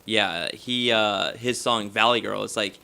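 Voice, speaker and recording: A man with a lowish, gravelly yet bright and tense voice speaks haltingly on a podcast. He stops and starts his sentences as he looks for his point. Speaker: podcast guest. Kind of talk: casual chat.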